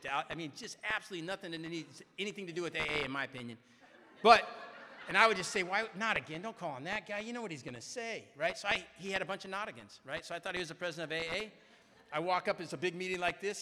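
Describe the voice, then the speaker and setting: A man's voice: a little high, pushed and bright. A middle-aged man speaking at a large recovery meeting, telling a rambling, self-mocking personal story and often tagging on "right?". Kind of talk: humorous personal storytelling to a crowd. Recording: reverberant hall.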